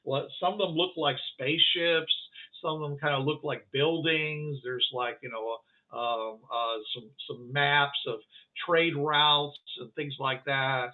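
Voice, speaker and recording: A man's voice: fairly high pitch, fairly even intonation, measured pace. A man narrating a tabletop game as game master, rambling with lots of fillers and restarts. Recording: thin phone-like line.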